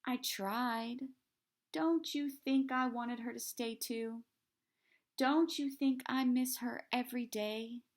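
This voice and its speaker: A woman doing a soft, weary preacher dad. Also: a little high, fairly even intonation, takes it slowly, pitched above the performer's own voice. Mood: sorrowful. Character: sad, gentle middle-aged preacher father.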